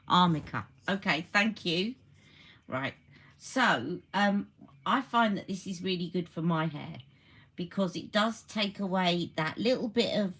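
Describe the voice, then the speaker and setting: Chatty woman live-streaming. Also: lowish voice. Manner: chatty, reacts to viewer comments mid-sentence. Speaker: beauty live-stream host. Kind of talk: casual live-stream product chat.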